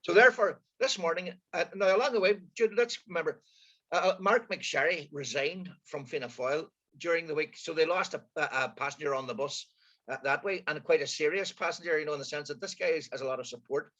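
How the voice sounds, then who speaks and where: A man co-hosting a casual political chat, hesitant and halting with many restarts. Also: on the high side, sharp tone. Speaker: co-host of a current affairs podcast. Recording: muffled lo-fi audio.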